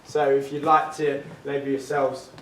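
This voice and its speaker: A man's voice: medium pitch, level tone, normal speed, a bit bright. A man leading a drama workshop, giving upbeat, encouraging instructions to his class. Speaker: drama teacher. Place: drama studio. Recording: echoey room, distant mic, faint noise.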